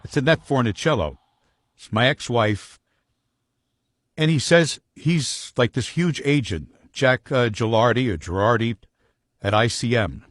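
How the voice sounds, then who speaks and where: A man's voice: medium pitch, a little slow, no room sound, clean studio sound. A man telling a story casually in a blunt, profane way.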